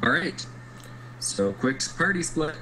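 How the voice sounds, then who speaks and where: Slow, halting man narrating a game. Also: fairly high pitch, very animated, pushed and bright, rough recording. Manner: halting, many fillers. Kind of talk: narrating a tabletop game over voice chat.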